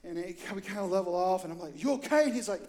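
Speaking fast, a middle-aged man delivers a storytelling sermon as pastor of a church. His animated delivery breaks into sudden loud, high bursts whenever he acts out a quote.

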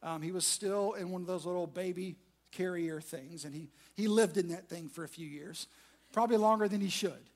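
A man's voice: high-pitched, normal speed. A man, preaching a sermon to a large room through a self-mocking personal story. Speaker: pastor.

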